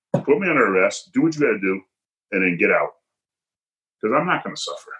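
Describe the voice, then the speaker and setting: A man tells a personal story as a podcast guest, hitting his points hard and acting out the voices of people he quotes. His voice sits a little low and has a bright, forceful edge. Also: poor audio. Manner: emphatic, punchy, acts out quoted dialogue.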